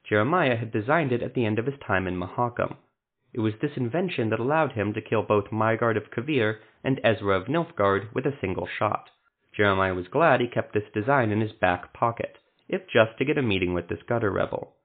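Low-voiced man narrating a fantasy tale. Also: a little fast. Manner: steady, descriptive reading. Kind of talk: scripted fantasy story narration. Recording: phone-like narrow sound.

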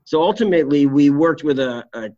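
Blunt, salty trial lawyer telling a story. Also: male voice, a little high, expressive, brisk, dark tone, no room sound, lo-fi sound. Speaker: trial lawyer, interview guest. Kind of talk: candid storytelling interview.

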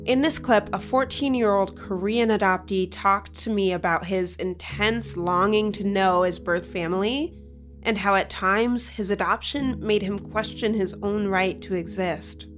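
A woman hosts a podcast at a middle pitch, introducing a clip and then thinking it over with her guest. Her tone is reflective and conversational. Faint music sits quietly under her voice. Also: unhurried. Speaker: podcast host.

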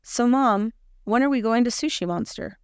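Little girl about eight, as her mother puts her on, perceptive, childlike, crisp voice, dry sound. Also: a little high, normal speed, no echo, natural voice. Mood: puzzled. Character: perceptive eight-year-old girl, easily pleased.

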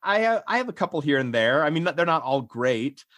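A man's voice: a little high, big pitch swings, brisk, fairly bright tone, no room sound. A young adult man, a voice actor, chatting casually in an interview in a self-effacing way. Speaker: voice actor and audiobook narrator.

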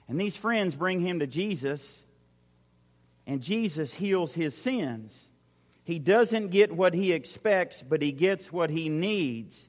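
A pastor's high voice carries with a big-room sound through a large church hall packed with a crowd. His sermon builds through repeated phrases, and he plays out the lines he quotes.

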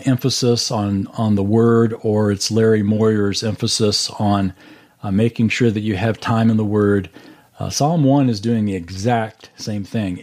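A man's voice: on the low side, dark tone. A man teaching a Bible class over a video call, earnestly walking through verses and explaining them step by step.

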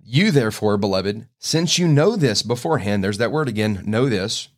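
A man's voice: on the low side, animated, moderate pace. A man preaching a sermon podcast, reading scripture aloud and breaking into folksy, emphatic asides. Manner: folksy, earnest, rising to emphatic outbursts.

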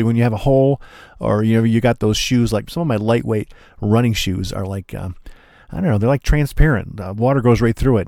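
A man's voice: medium pitch, darkish tone, no echo, studio quality. A man hosting a radio show, chatting casually with slangy, rambling asides between records. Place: home radio studio.

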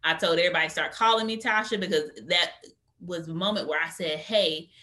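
A woman with a low-pitched but bright, forceful voice, talking as a guest in a podcast interview. She tells her stories with animation and acts out the lines of people in them. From United States. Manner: animated storyteller, acts out quotes. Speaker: guest, career coach. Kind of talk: conversational interview.

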